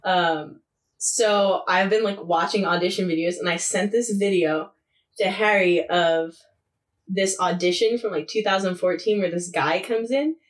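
A young woman chatting casually as a podcast co-host. She tells stories with lively asides and breaks into laughter often. Her voice sits a touch distant from the microphone. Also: lowish voice. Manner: animated storytelling, laughs often, quick asides. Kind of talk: casual chat.

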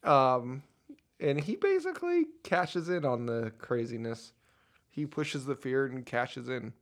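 A man co-hosting a casual movie podcast, rambling and animated as he talks. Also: medium pitch, measured pace. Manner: rambling, animated, laughs often. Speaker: podcast co-host.

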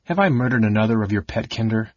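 A man's voice: lowish voice, expressive, fast, darkish tone, lo-fi sound, a little hiss or hum, lightly acted. An audiobook narrator voicing a scornful male mage who talks coldly, mocking and sometimes whispering. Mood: irritated. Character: sickly scornful male mage, cold and cutting.

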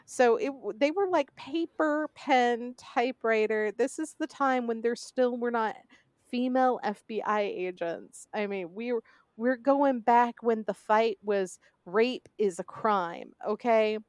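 A woman's voice: a little high, a little slow, no room sound. A young woman hosting a true crime podcast, telling the story in a sarcastic, conversational way. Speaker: podcast host.

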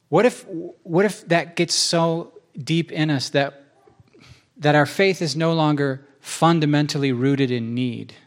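An eager male preacher talks his way through a sermon on a church stage, his voice sitting in an ordinary middle pitch. He speaks casually, breaking off and restarting his sentences as his ideas run ahead. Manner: enthusiastic, conversational, many restarts.

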